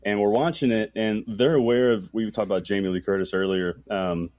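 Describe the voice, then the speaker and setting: Podcast guest, very low male voice, dry close sound, rambly and chatty. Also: brisk, no echo. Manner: rambling, heavy use of "like", animated when telling stories. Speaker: podcast guest, camera operator. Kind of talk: casual interview chat.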